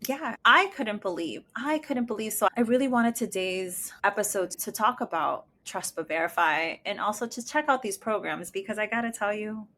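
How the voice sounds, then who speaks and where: A woman's voice: medium pitch, lively intonation, moderate pace, few pauses, sharp tone, slight background noise. A middle-aged woman hosting a personal podcast as a mother, talking casually, emotionally and with enthusiasm. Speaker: podcast host, parent of a disabled daughter.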